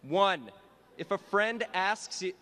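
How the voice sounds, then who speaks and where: A man's voice: high-pitched, lively intonation, slow, pushed and bright. Wry male teacher in a reverberant hall. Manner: wry, self-mocking delivery. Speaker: teacher giving a commencement speech. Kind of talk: humorous commencement address. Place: school graduation hall.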